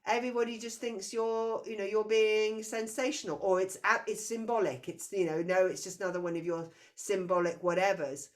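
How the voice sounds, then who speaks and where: A woman's voice: mid-range voice, fairly even intonation, brisk, few pauses. A woman giving a past-life reading to a client, talking intensely and circling back as she searches for words. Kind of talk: spiritual reading session.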